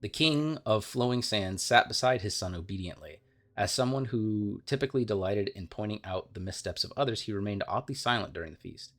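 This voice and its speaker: A man with a fairly low voice reads game lore aloud while he plays. He stumbles often and corrects himself, with casual, apologetic asides. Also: creaky. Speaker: let's play gamer.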